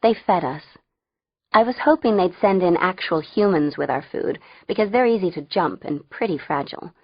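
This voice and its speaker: A woman's voice: fairly low pitch, animated, moderate pace, breathy edge, dry recording, lo-fi sound. A woman narrating a first-person audiobook in a wry, conversational way.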